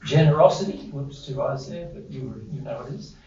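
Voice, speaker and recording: A man's voice: medium pitch, brisk, darkish tone. A man leading a group workshop, quizzing his listeners in a chatty way with self-deprecating asides. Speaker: workshop presenter. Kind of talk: interactive group teaching. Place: indoor room with a group. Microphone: distant room mic. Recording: roomy, distant, dull lo-fi audio.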